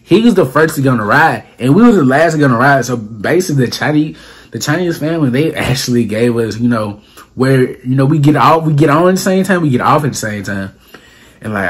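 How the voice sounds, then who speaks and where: A young man tells a story in loose slang, his pitch leaping up and down as he acts out the scene. His voice is husky and a little rough. The delivery is casual storytime. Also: a little fast. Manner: animated, slangy, acts out quotes with voice jumps. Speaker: storyteller vlogger.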